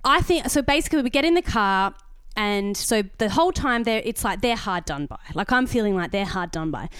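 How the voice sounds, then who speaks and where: An Australian woman co-hosting a podcast, telling a story in casual chat, animated and swearing, acting out the voices of others. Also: medium pitch, a little fast, clean tone, no room sound. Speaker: podcast co-host.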